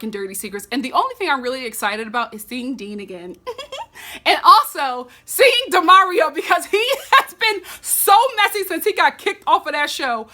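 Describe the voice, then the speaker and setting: A woman recapping a reality TV episode in a sassy, animated way, talking straight to her viewers. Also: fairly high pitch. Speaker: TV recap vlogger.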